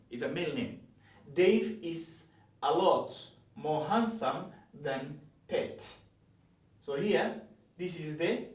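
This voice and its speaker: A man teaching an English grammar lesson, slowly spelling out words and repeating each form. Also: a little high, a little mellow, recorded from a distance. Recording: echoey room, from the mic.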